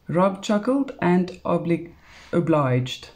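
A woman with a South African English accent, calmly reading a novel aloud, unhurried, with small slips. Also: low voice. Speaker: storybook reader.

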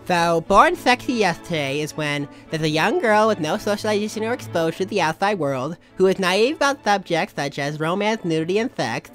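Lively sarcastic young woman reading posts. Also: fairly low pitch, a little fast, hardly any pauses, faint music behind. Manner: dry sarcastic reading with sudden swings into exaggerated outrage. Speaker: host reading posts aloud. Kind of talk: comedic reading of online posts.

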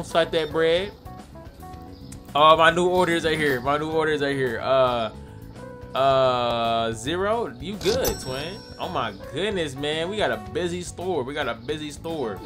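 A man's voice: a little high, fairly bright tone. Hyped young man joking through gameplay. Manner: hyped, joking, talks to game customers. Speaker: gaming YouTuber. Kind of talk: playful gameplay commentary.

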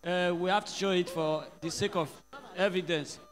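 A male pastor leading a church service, giving directions and then stirring the congregation with shouts. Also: high voice, steady tone, a little fast, in a large hall, soft background music. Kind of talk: sermon. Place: church hall.

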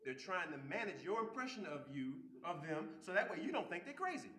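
Animated man speaking in an echoey room. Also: high-pitched, fairly quick. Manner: animated, repeats words when starting sentences; acts out quoted people with voice shifts. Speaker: seminar speaker. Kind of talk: lively seminar talk.

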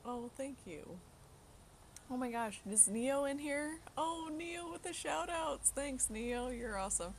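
A woman's voice: high-pitched, expressive, unhurried, a little hiss or hum. A young woman live-streaming outdoors on her phone, chatting with viewers, telling a story and laughing often. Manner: chatty storyteller who laughs often and reads chat aloud. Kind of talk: casual chat with viewers. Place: outdoors in the sun.

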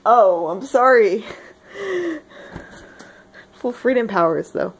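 A woman's voice: mid-range voice, lively intonation, slow, creaky, breathy edge. A young woman rambling casually in a solo video, giggling and self-deprecating.

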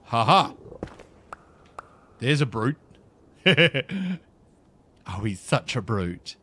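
A man's voice: medium pitch, sing-song, extremely slow, fairly bright tone, slight background noise. Flustered man in gameplay chat. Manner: chatty, flustered, talks to game creatures. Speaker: gaming video creator. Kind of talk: casual gameplay commentary.

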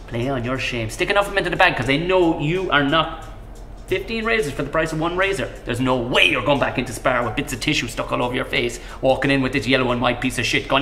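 A man's voice: medium pitch, fast, pushed and bright, reverberant, a little hiss or hum. Swearing man ranting in a pub. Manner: profane, ranting, conspiratorial. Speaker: pub regular in a comedy sketch. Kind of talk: scripted comic rant.

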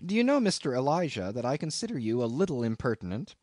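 A man's voice: medium pitch, very animated, fast, a little mellow, no echo, clean studio sound. A man voicing a blunt, impatient young sailor who speaks curtly.

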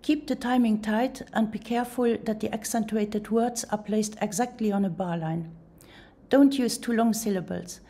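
A woman presenting a software tutorial in voice-over, explaining each step calmly. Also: medium pitch, normal speed. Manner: calm, step-by-step instructional.

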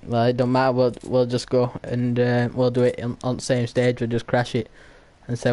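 A man's voice: medium pitch, monotone, moderate pace, few pauses, warm tone, clear, resonant tone. A man, a gaming streamer ranting and mocking in crude casual banter with stammering restarts.

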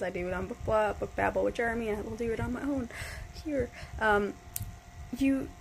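A woman's voice: medium pitch, vocal fry, slight background noise, poor audio. A woman in her twenties from New York, gushing about a book in a rambling casual review with restarts and casual swearing. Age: 20s.

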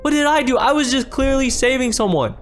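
Man, high voice, frantic game role-play, repeats words, faint music behind. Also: fairly quick. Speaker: role-play creator and lead player. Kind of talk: Minecraft role-play acting.

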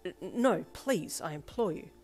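A formal, bashful teenage boy from an audio fan fiction, speaking in careful, stiff phrases, as a woman reads him. The voice sits fairly low and even, with faint music underneath. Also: normal speed. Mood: earnest polite. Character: polite earnest teenage boy, formal and shy.

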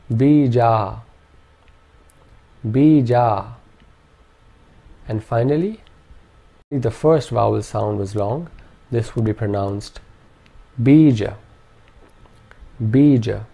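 A man calmly narrating a pronunciation lesson with measured, precise enunciation. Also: lowish voice, gravelly, breathy edge. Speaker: language teacher. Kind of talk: instructional narration.

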